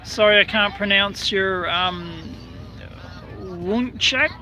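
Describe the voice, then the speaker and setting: A man's voice: sits high, slow pace, noisy background. An Australian man hosting a casual outdoor live stream, chatting and greeting viewers by name in a rambling way. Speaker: livestream host.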